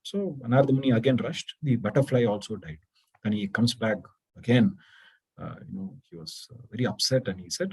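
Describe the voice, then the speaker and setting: A man's voice: on the low side, fairly quick, darkish tone, breathy edge, rough recording. A man teaching a weekly scripture class, telling devotional stories casually with many fillers and acting out the quotes.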